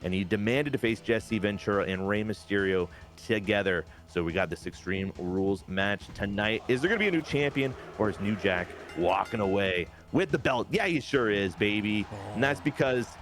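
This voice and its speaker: A man giving a casual recap of his wrestling game league, excitable and swearing now and then. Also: lowish voice, moderate pace, few pauses. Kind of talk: casual gameplay recap commentary.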